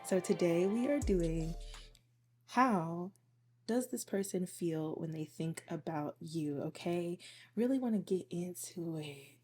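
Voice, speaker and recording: A woman with a hoarse voice giving a casual spiritual tarot reading, chatty and often asking "okay?". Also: lowish voice, slow pace, mellow, faint music behind. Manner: chatty, tags lines with "okay?". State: hoarse from losing her voice. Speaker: tarot reader.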